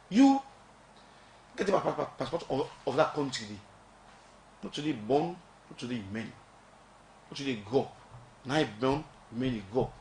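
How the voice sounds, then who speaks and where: A man's voice: on the high side, a bit bright, a little hiss or hum. Emphatic Sierra Leonean man, roomy sound. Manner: emphatic, rhetorical questions, mixes Krio phrases. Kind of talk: radio talk.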